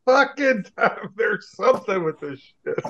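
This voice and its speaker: A man's voice: high-pitched, animated, measured pace, a bit bright, dull audio, a little hiss or hum. A man co-hosting a casual podcast over a video call, wry and profane, laughing often. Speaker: podcast co-host. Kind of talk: casual chat.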